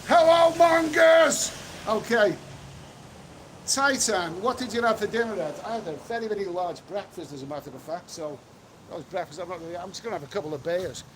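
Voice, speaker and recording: A man's voice: sits high, crowd noise. Blunt chatty man livestreaming. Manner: blunt, chatty, quick to snap at trolls. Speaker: travel vlogger reading live chat. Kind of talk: casual livestream chat. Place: outdoors on a city street.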